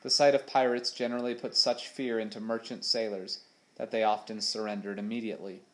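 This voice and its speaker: A man reading a children's adventure novel aloud with steady, expressive storytelling. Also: on the low side, brisk. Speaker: audiobook narrator. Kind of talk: storybook narration.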